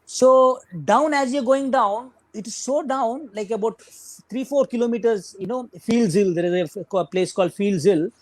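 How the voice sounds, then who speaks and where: A man's voice: very high voice, moderate pace, no echo. A middle-aged Indian man with an Indian English accent, a guest runner telling his story in a casual interview, full of "you know" and "like".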